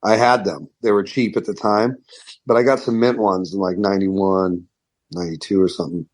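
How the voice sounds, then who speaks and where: A man's voice: sits low, steady tone, fairly quick, darkish tone. A middle-aged man, a guitarist guest, telling loose rambling stories full of fillers and swearing. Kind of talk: casual storytelling.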